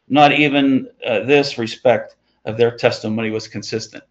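A man's voice: mid-range voice, steady tone, normal speed, hardly any pauses, highs cut off. A man leading an informal Bible study, talking conversationally with chuckling asides as he reads and explains scripture.

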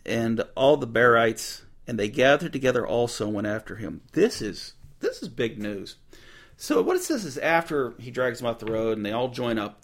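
Animated, gravelly male Bible teacher. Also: mid-range voice. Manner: folksy, animated retelling with asides.

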